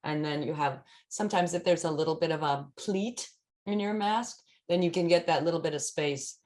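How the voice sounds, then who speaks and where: A woman's voice: sits low, normal speed, darkish tone. A woman voice and text coach talking casually in an online chat, with frequent fillers as she demonstrates speaking tips. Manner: chatty, many fillers, demonstrates lines.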